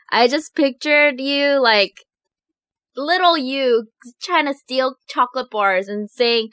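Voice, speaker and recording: A mukbang vlogger shares viewer confessions in a casual, animated way, giggling easily. Her fairly high voice is bright, clean and crisp, recorded dry and close to the mic with no room sound.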